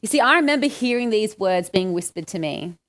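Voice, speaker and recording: A woman's voice: mid-range voice, expressive, a little fast. An Australian woman giving a conversational sermon, asking her listeners questions and acting out the lines she quotes. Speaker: preacher.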